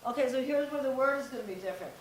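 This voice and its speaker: A middle-aged woman with a fairly high voice talks to a room of parents and teens in a direct, conversational way, now and then acting out bits of dialogue. The room is echoey and a faint hiss sits under her voice. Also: very fast, far from the mic. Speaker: parenting workshop presenter. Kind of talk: live presentation to parents and teens.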